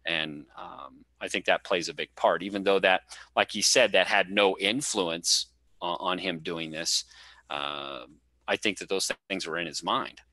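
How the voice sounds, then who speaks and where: A man's voice: low-pitched, unhurried, bright, forceful tone, dry recording, poor audio. A man hosting a casual late-night talk show, rambling with many fillers and restarts. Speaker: podcast host.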